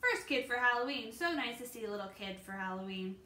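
A woman's voice: a little high, lively intonation, brisk, bright, forceful tone. Woman reading as a welcoming lady. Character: friendly lady at her door. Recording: echoey room.

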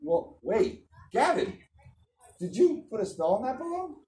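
Amid a loud crowd of shouting children, a woman performs as a birthday-party clown, joking with the kids, teasing them and laughing often. Her voice sits on the high side, sing-song and measured in pace.

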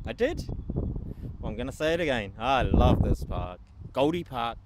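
A man's voice: medium pitch, unhurried, pauses often. A man with a New Zealand accent, vlogging in a casual, jokey, upbeat way while metal detecting in a park. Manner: chatty, jokey, upbeat, self-mocking. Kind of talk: casual vlog talk to camera. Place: outdoors in a windy park. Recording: noisy outdoor wind.

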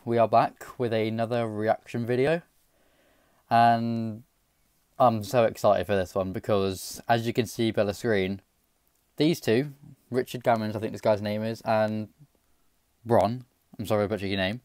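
A man with an English accent hosting a casual reaction video, excitable and self-mocking with quick jokes. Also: on the low side, smooth, no echo, clean studio sound. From England. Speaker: YouTube gaming channel host.

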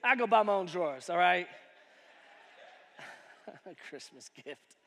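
A male pastor preaching a sermon, animated, swinging from shouts to hushed asides. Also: high-pitched, slow pace. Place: church auditorium. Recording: long reverb of a church hall.

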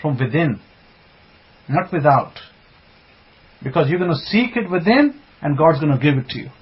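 Emphatic male preacher, slightly high voice. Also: animated, moderate pace. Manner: emphatic, repeats phrases, rhetorical questions; greets online listeners by name mid-talk. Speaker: religious teacher. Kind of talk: Bible teaching sermon. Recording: dull lo-fi sound.

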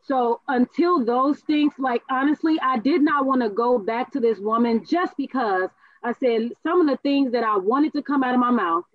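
A woman co-hosting a casual talk show, telling stories with animated asides and voice impressions. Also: high-pitched, moderate pace, hardly any pauses, no room sound. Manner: animated storyteller, mimics voices. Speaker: co-host. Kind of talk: casual chat. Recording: tinny phone-like sound.

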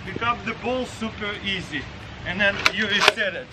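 A man with a Russian accent, vlogging as he tests a dog toy outdoors and calls excitedly to his dog in a sing-song voice. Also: high-pitched, moderate pace, heavy background noise. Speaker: vlogger testing a pet toy. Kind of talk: casual vlog. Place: outdoors with dogs.

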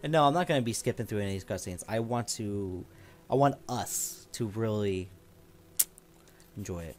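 A man's voice: on the low side, normal speed, a little mellow, a little hiss or hum. A young man casually commenting while playing a game, rambling and enthusiastic with lots of fillers. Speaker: gameplay commentator. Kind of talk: casual let's play commentary.

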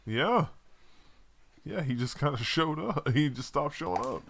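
A man chats casually at a tabletop game. His pitch swings about as he jokes and laughs with the others. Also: animated, unhurried, creaky, a bit bright, a little hiss or hum. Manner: joking, laughing. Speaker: player.

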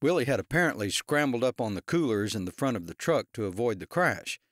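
A man narrating an audiobook thriller in a steady, even storytelling manner. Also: mid-range voice, brisk, no room sound, clean studio sound. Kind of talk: scripted narration.

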